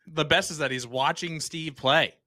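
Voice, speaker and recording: A male darts commentator with a bright, forceful voice, calling the action live. He keeps up a loose, joking patter and teases his co-host between legs. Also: fairly high pitch, moderate pace. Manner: jokey, teasing banter.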